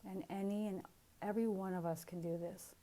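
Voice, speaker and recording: A woman giving a spiritual teaching talk, speaking in a calm, earnest and encouraging way. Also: medium pitch, fairly quick.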